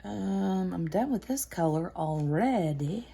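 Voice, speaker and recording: Woman host, relaxed craft-chat tone, unhurried, rambling storyteller. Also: lowish voice, vocal fry, breathy edge. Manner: rambling storyteller, many fillers and restarts. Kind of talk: casual chat while crafting.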